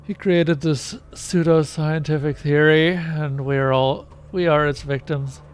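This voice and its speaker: A man voicing a dull, unshaven man in a role-playing game, talking in a boring monotone. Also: fairly high pitch, a little slow, clean tone, natural voice. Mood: droning.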